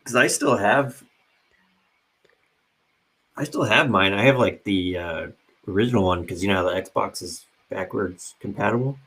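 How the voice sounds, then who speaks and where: Young man, low husky voice, laid-back casual chat. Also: moderate pace, long pauses, a bit bright. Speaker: podcast co-host.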